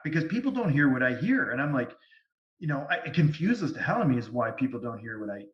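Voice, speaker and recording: A man speaking as a guest medium, telling stories in an animated way over a video call. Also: medium pitch, fast talker. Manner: animated, lively storytelling. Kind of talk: storytelling interview. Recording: distant, echoey, dull sound.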